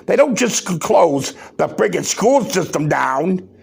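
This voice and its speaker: Raspy podcast host guy going off, lots of rhetorical questions, kinda husky. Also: high voice, big pitch swings, unhurried. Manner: emphatic, fires rhetorical questions; loud, worked-up. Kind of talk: ranting commentary.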